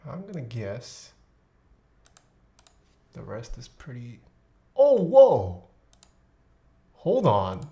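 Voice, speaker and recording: Lively woman chatting on a live stream. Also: rumbling low, extremely slow, long pauses, muffled recording. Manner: animated, exclamatory, laughs often. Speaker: streamer building a keyboard. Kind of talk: casual live-stream chat.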